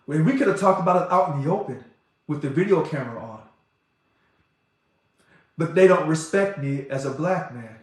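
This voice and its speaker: A man speaking as an organization president in an impassioned monologue, talking fast and loud when he gets excited. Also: a little high. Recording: very echoey room.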